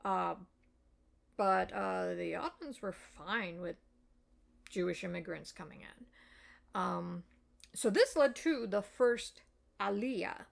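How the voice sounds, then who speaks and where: A woman's voice: medium pitch, slow pace, gravelly, pauses often. A woman explaining history in a casual, rambling way, with many ums, uhs and apologetic asides. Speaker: video essayist.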